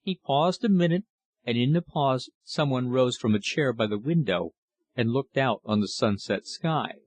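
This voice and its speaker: A man narrates a classic novel in a steady, measured audiobook reading. His voice sits in the middle of its range, and the close recording is dry with no room sound. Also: mid-range voice, dry recording.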